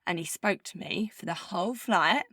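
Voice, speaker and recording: A woman podcast co-host living as an expat in Bermuda tells stories in a casual chat, chatty and rambling and full of "like." Her voice is lowish with a sharp tone at normal speed, in studio-quality sound with no room noise.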